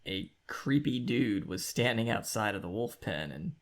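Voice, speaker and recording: A man with a lowish, animated voice co-hosts a podcast at normal speed, casually discussing a book. Easygoing, he walks through the novel's plot and steers the conversation along it.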